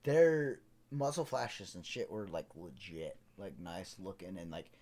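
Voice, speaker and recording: A man's voice: low voice, expressive, unhurried, a little mellow. A man co-hosting a casual podcast, crude and joking, acting out voices in his stories. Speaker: podcast co-host. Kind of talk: casual chat.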